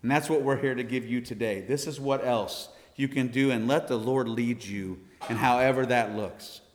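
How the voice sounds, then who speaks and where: A man's voice: mid-range voice, moderate pace. A man from the United States, a missionary, speaking earnestly and folksily to a church congregation, laughing often. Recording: long hall reverb.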